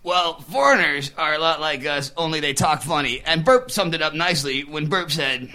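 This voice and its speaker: A man's voice: fairly high pitch, moderate pace, bright, forceful tone. A man voicing a crude, wisecracking male puppet guest who makes bawdy puns in a comedy interview. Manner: bawdy punning showman.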